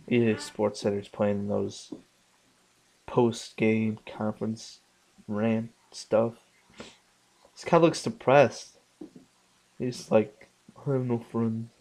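Young guy doing a lets play, talks slow, mumbles then yells and curses at the game. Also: on the low side, creaky. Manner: slow, muttering, swears often, bursts out loud at the game. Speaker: gaming channel host. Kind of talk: casual let's play commentary.

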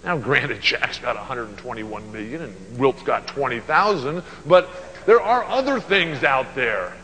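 A man in his sixties giving an animated keynote at a luncheon, telling stories and acting out voices. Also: mid-range voice, a little slow, big-room sound, a little hiss or hum, rough recording. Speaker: motivational speaker. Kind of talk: storytelling keynote speech. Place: banquet hall at a luncheon.

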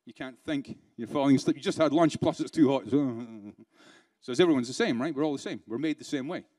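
This keynote speaker, a man with a British accent, talks to a conference room in a relaxed, conversational style full of rhetorical questions and dry sarcasm during a live keynote. He speaks a little fast in a mid-range, darkish voice with no echo.

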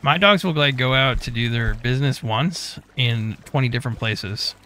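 A man's voice: mid-range voice, moderate pace, sharp tone, faint music behind. A man streaming a co-op survival game, chatting casually, joking and reading viewer messages aloud. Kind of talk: casual gameplay chat.

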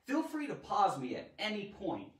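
A man hosting a live online grammar lesson in a playful, animated way, tossing in silly sound effects. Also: high-pitched, moderate pace. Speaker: grammar teacher and show host. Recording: roomy echo, mic at a distance.

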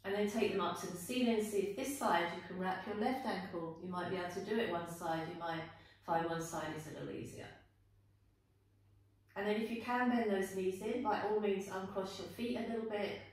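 A woman yoga teacher calmly talking students through a guided flow, with gentle encouraging cues. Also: medium pitch, fairly quick. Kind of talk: guided yoga class instruction. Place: indoor room, teacher on her mat. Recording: echoey room, voice from a distance, faint background noise.

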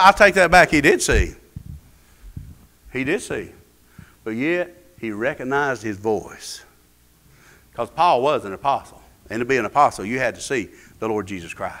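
A man's voice: medium pitch, bright, forceful tone. A man preaching a sermon in an emphatic, rising and falling cadence. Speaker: pastor. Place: church.

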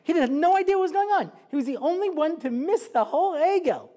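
A man's voice: very high-pitched, fast. A man giving a humorous sermon lecture as a rabbi, telling stories and acting out the quotes with jokey asides. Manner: animated storytelling, acts out quotes, jokey asides.

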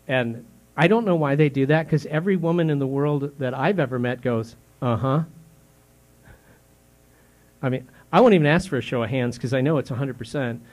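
A man playing a pastor in his fifties delivers a sermon in a mid-pitched voice that sounds more like conversation than oratory. He circles his point with repeated questions, false starts and fillers. He turns hushed and slow on painful words, then climbs in pitch and force when he is indignant. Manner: drops soft and slow on grave words, rises sharply when indignant.

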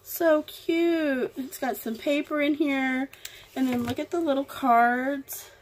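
A woman's voice: high-pitched, steady tone, a little hiss or hum. A woman vlogger, gushing affectionately as she opens crafting mail at home. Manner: gushing, affectionate, slow and drawn-out. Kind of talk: casual unboxing chat.

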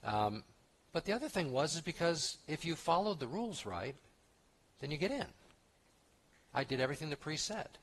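A man's voice: fairly high pitch, very animated, normal speed, long pauses, a bit bright, breathy edge. A man pastor giving an expository sermon in a conversational, emphatic way, with restarts and asides.

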